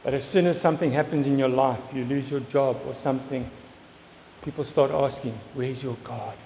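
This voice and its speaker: A man's voice: medium pitch, fairly even intonation, brisk, dark tone, a little hiss or hum. Preacher man in an echoey hall. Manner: earnest, repeats himself, rising questions. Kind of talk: sermon. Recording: echoey hall with long reverb, faint ambience.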